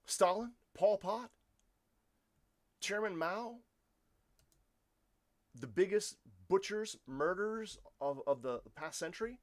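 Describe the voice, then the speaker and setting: A man's voice: sits high, animated, slow pace, long pauses. A man giving casual, opinionated livestream commentary, firing rhetorical questions at his viewers and often restarting his sentences. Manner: addresses viewers as folks. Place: Poland.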